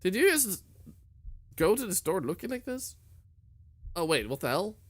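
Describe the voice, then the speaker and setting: A man's voice: high voice, normal speed, breathy edge. A man streaming a horror game, reading notes aloud and joking as he plays. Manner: lively, reads notes aloud, jokes. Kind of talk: gameplay commentary.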